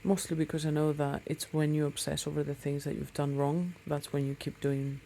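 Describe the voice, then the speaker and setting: A woman's voice: low voice, level tone, a little fast, gravelly, mellow, a little hiss or hum. A woman talking casually to her viewers while out on a motorbike ride, chatty and rambling with many ums. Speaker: motorcycle vlogger. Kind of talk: casual talk to camera while riding.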